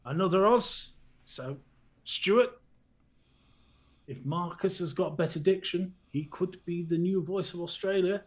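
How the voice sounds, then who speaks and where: A man co-hosting a casual live stream, playfully greeting chat viewers by name with bursts of loud laughter. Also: high-pitched, measured pace.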